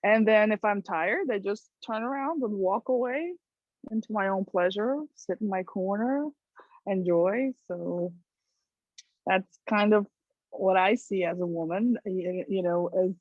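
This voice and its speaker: A woman's voice: medium pitch, a little slow, no echo, phone-quality sound. A woman hosting a talk show who chats casually and tells stories animatedly, acting out the voices. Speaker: host.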